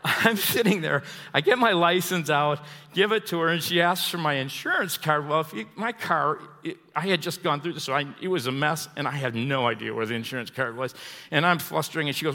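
A man's voice: medium pitch, moderate pace, pushed and bright. A man preaching a sermon, telling a funny personal story with chuckles before turning to scripture. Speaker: pastor. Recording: long hall reverb.

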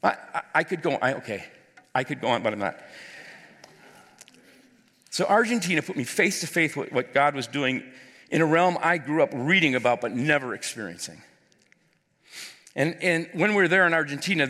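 A man's voice: fairly high pitch, sharp tone. Earnest male pastor in a reverberant church. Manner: earnest personal storytelling. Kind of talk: sermon testimony. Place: church auditorium. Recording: long hall reverb.

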